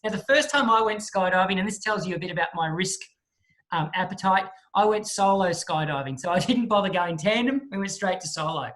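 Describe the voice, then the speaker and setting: A man, a guest speaker telling a lively story in a talk and acting out the people in it. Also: sits high, fairly quick. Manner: lively storyteller who acts out the voices of the people in his story.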